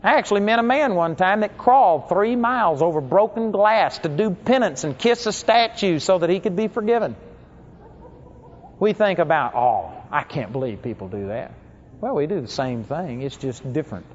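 A man preaching a sermon, telling stories and acting out the people in them. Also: a little hiss or hum. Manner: animated storytelling, acts out quoted people in higher voices. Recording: dull lo-fi recording.

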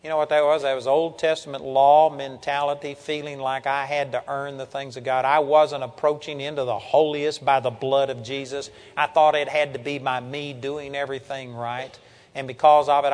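A man's voice: medium pitch, level tone, normal speed, long reverb tail. An older man preaching a sermon in an earnest, folksy way, reading Bible verses aloud.

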